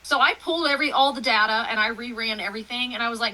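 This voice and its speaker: A woman from Texas with a Texan accent, telling stories in a rambling, animated way as a guest in a casual interview. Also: a little high, racing, poor audio. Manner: rambling, animated storytelling with fillers. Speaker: guest author.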